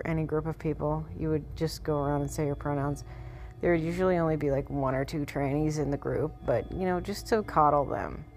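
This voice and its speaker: A woman's voice: deep voice, slight background noise. A woman vlogger reading a web page aloud and breaking off into blunt, mocking, profane commentary.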